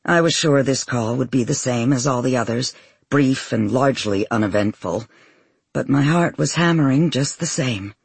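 A man with a husky voice giving a measured, emotional first-person audiobook narration. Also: medium pitch, no room sound.

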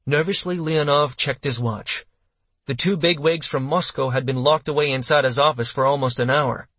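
A man reading an audiobook in steady, measured scripted narration, close to the mic. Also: medium pitch, no echo.

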